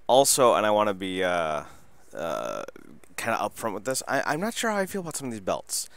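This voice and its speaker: A man with a very low, deep voice rambles excitedly through a casual solo podcast review and swears freely. The sound is dry and close, with no room around him. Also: clean tone, no room sound. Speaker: wrestling podcast host.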